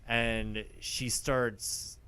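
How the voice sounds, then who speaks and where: A man's voice: mid-range voice, flat delivery, drawn-out words, sharp tone, smooth. A man co-hosting a horror movie podcast, chatting in a laid-back, agreeable way with lots of short replies. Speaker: podcast co-host. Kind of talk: casual movie review chat.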